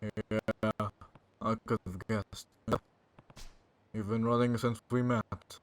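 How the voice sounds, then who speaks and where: A man voicing a stoic young brawler, speaking low, flat and curt. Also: takes it slowly. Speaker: game protagonist voiced by a player.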